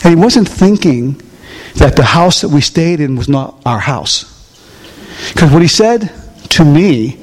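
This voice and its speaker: A man's voice: a little high, lively intonation, measured pace, long reverb tail. An older man preaching a folksy sermon, often asking the congregation questions. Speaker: pastor.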